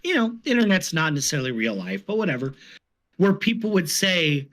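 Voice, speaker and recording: Bright, animated man telling rambling stories. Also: fairly high pitch, brisk. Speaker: podcast co-host. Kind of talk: casual sports podcast chat.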